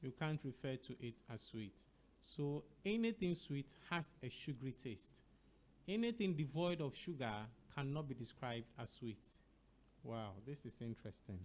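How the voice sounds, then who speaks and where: A man's voice: medium pitch, darkish tone. Ghanaian man hosting a radio lesson. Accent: Ghanaian English. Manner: slow, deliberate, spells words letter by letter. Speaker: radio show host. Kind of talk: educational radio show hosting.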